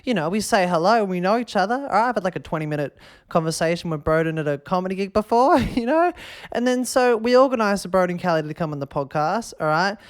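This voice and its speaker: A man with an Australian accent hosting a podcast in a casual, rambling, excitable way, often tagging his sentences with a question. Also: high-pitched, fast, clear, resonant tone. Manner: rambling and excitable, keeps tagging "all right?". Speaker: podcast host.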